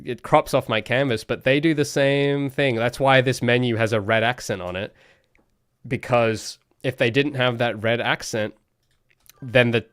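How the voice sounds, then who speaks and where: A man's voice: mid-range voice, fairly bright tone, dry recording, clean studio sound. A young man, a solo game developer, talks through interface design on a livestream in a loose, rambling way, full of restarts and fillers. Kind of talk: casual livestream commentary.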